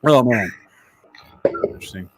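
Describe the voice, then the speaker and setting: A man's voice: mid-range voice, wildly swooping pitch, normal speed, a bit bright, breathy edge. A man hosting a casual live online show, joking and slipping into silly voices. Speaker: podcast host. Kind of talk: casual chat.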